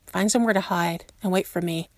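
A woman voicing a cool, seasoned woman spy who speaks in a calm, level, matter-of-fact way. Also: fairly low pitch, brisk, no room sound, close to an everyday voice.

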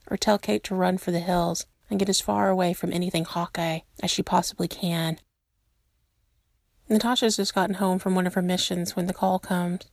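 Low gravelly woman reading a story. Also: dry recording, studio quality. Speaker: narrator. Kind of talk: reading fan fiction aloud.

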